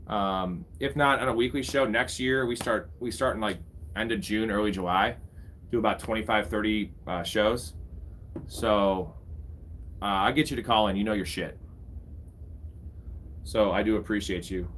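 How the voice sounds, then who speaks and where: A man's voice: on the low side, normal speed, long pauses, fairly bright tone, slight background noise. A young man casually commentating a live fantasy football draft, bantering with his chat and swearing freely. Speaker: fantasy football streamer host.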